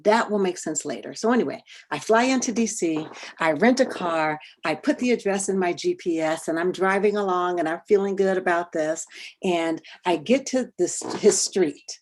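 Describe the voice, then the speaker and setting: A middle-aged woman giving a talk, telling a personal story expressively, sometimes dropping to a hush and sometimes rising with feeling, on a video call. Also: on the low side, moderate pace. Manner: expressive, swings from hushed to animated. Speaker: workshop speaker on parenting and bias.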